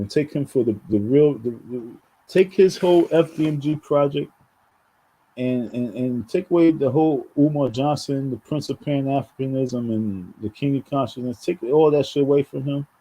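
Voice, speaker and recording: Dark, husky man from New York ranting. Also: mid-range voice, poor audio. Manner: rambling, repeats words, addresses viewers as folks. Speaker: vlogger. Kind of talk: casual commentary monologue.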